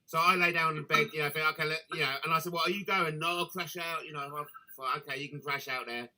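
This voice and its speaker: A man hosting a live stream, telling a crude story with constant swearing and lively storytelling. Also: a little high, quick pace, poor audio. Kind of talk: crude anecdote on a live call.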